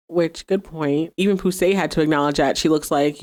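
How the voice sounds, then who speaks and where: A woman's voice: low-pitched, fairly even intonation, normal speed, few pauses, darkish tone. A woman hosting a podcast, casually recapping an episode, laughing often and acting out the characters' lines. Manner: chatty, laughs often, acts out quoted dialogue. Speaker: podcast host.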